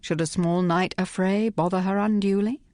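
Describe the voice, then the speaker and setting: A woman narrating an audiobook in a brisk, crisp, wry manner, close to the microphone. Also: medium pitch, steady tone, darkish tone, no room sound. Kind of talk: scripted narration.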